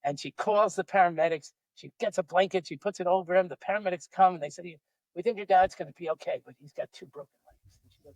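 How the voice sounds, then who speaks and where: A man's voice: sits high, fast, no echo, poor audio. A man co-hosting a podcast, joking around and telling a long story joke in playful banter. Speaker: podcast co-host.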